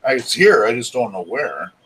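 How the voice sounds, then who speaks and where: A man's voice: medium pitch, sing-song, moderate pace, a bit bright, a little hiss or hum. A man hosting a casual live stream from his living room, chatting with guests while he tinkers and mutters.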